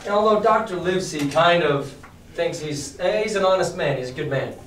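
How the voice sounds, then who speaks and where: A male teacher reading a novel aloud to his class and asking the students questions in an animated way. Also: fairly high pitch, brisk. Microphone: distant mic. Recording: echoey classroom, distant mic.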